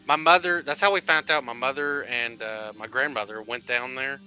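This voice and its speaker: A man with a Tennessee accent jokes in a casual group chat, his voice very bright and forceful. He drops crude asides. Faint music plays underneath. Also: medium pitch, moderate pace.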